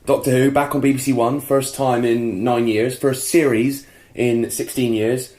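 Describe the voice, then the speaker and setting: A man's voice: mid-range voice, little pitch movement, unhurried, darkish tone. A man from England co-hosting a casual podcast chat, telling stories about himself in a jokey, self-mocking way. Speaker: podcast co-host.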